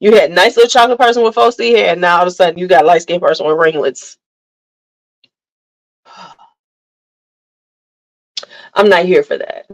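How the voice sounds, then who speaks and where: A woman hosting a casual livestream, telling animated family stories, laughing often and greeting viewers by name. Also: lowish voice, moderate pace, long pauses, low-quality recording. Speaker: livestream host chatting with viewers. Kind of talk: casual chat.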